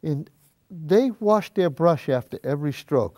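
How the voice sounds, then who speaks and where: A man's voice: on the high side, animated, a little slow, darkish tone, no echo. An older man hosting a painting show from a cable TV studio. He chats in a folksy, rambling way while he works and sometimes steps back from the mic to look at the canvas. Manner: moves away from the mic to step back and view the canvas. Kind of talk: casual painting demonstration. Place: high school cable TV studio.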